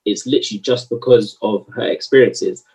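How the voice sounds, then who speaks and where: A man's voice: medium pitch, brisk, husky, distant mic, poor audio. A man in a heated, slangy podcast discussion, arguing his point. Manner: animated, slangy, argumentative.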